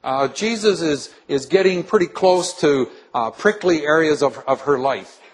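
A man's voice: fairly high pitch, a little slow, low-quality recording. A male pastor preaching a sermon to his congregation in a church, earnestly asking them questions.

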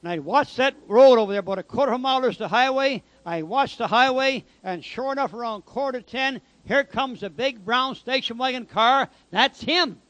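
A man's voice: extremely high pitch, moderate pace, few pauses, fairly bright tone, dry recording. A man giving a preaching testimony as a former convict, telling his story in an emphatic, dramatic way.

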